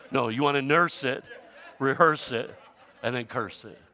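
A man preaching a sermon as a pastor, telling a comic story with animated swings between loud and hushed delivery. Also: medium pitch, slow pace, some chatter behind.

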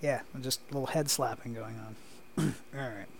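A man's voice: mid-range voice, steady tone, normal speed, vocal fry, slight background noise. A man hosting a casual podcast, joking around and laughing often. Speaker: podcast host.

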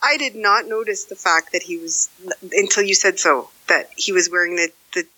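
A woman's voice: on the low side, normal speed, bright, forceful tone, rough recording. A woman co-hosting a podcast, chatting casually and laughing often. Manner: bubbly, laughs a lot. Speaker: podcast co-host. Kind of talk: casual chat.

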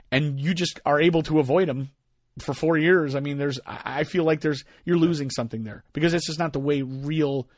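Give me a middle-aged man chatting on a podcast, lively storyteller, dry close mic. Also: a little high, brisk, dry recording. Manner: animated storyteller, acts out quoted voices. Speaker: podcast co-host. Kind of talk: casual chat.

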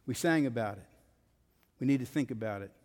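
A man's voice: medium pitch, a little fast, a little mellow. A male pastor preaching a sermon with an emphatic rising and falling cadence. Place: church sanctuary. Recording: long hall reverb.

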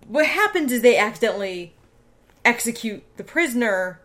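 A woman's voice: a little high, sing-song, moderate pace, fairly bright tone. A woman casually discussing a TV episode with her co-host, filling in plot details. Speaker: podcast co-host. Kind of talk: casual chat recapping a TV show.

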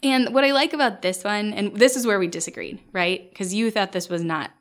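Woman podcast host, mid pitch, chatty and rambling. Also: brisk. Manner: chatty, filler-heavy recapping. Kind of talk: casual chat.

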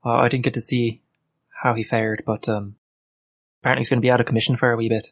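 A man playing a tabletop game, talking in character in a hesitant, halting way. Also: mid-range voice, level tone, no room sound. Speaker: player.

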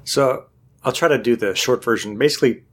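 A man's voice: mid-range voice, fairly quick, slightly rough. A man in casual chat, telling a long story and acting out what other people said. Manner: animated storyteller, acts out quotes.

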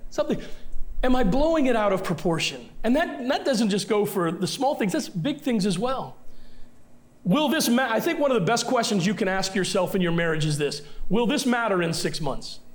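A man's voice: sits high, animated, moderate pace. A male pastor preaching a sermon, talking straight to his listeners with emphatic repetition and rhetorical questions. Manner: direct address to the congregation.

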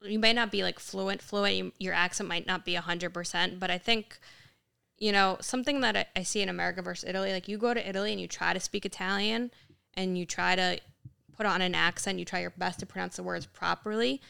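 A young woman chatting on a podcast, her voice crackling with heavy fry yet bright and clean. She tells her stories animatedly and slips into the voices of the people she quotes. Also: on the low side, a little fast. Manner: animated storyteller, acts out quotes in Italian. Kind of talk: casual chat.

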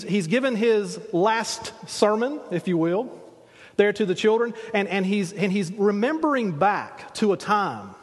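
Preacher, male, high husky voice, folksy storytelling sermon, long hall reverb. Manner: retells scripture as vivid, conversational storytelling with frequent restarts.

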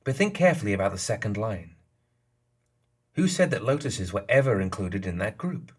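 A man's voice: fairly low pitch, expressive, moderate pace, husky. A man reading the lines of a sly, smug female geisha leader in an audiobook, playful and knowing in tone. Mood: smug, teasing.

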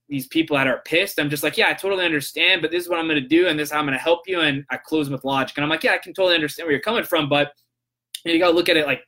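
Bright-voiced man telling a story. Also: on the high side. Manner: animated, acts out both sides of a phone call. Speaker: podcast host. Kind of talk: casual storytelling monologue.

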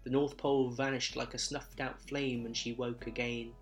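A man narrating a Christmas story in verse with a measured, rhythmic delivery. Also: mid-range voice, flat delivery, soft background music.

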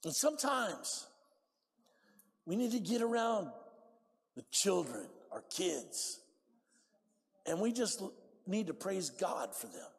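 A man preaching a sermon in a church, emphatic and calling for amens, rising to shouts and dropping to hushed appeals. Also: high voice, sing-song, slow, pauses often. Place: church sanctuary. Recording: long hall reverb.

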